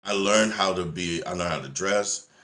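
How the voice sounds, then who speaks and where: Bright-voiced man telling family stories. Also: sits low, normal speed. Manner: laughing storyteller, many fillers. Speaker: guest, parent. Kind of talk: casual podcast chat.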